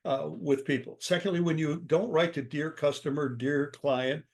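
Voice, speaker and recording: An older man, a guest author in an interview, answers with energetic, emphatic stories and acts out the dialogue he quotes. His voice is a little high and his pace moderate.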